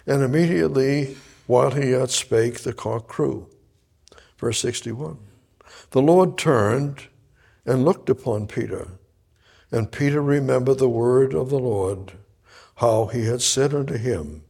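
A man preaching, reading scripture verse by verse and explaining it, moving between loud emphatic bursts and hushed quiet passages. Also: medium pitch, slow pace, gravelly, slightly rough. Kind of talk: verse-by-verse Bible teaching.

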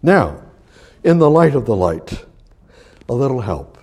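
A man delivering a sermon with a husky, mellow tone. His voice swings widely in pitch as he rambles, repeating himself and restarting sentences. He speaks a little higher than most men. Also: sing-song, a little slow. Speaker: preacher.

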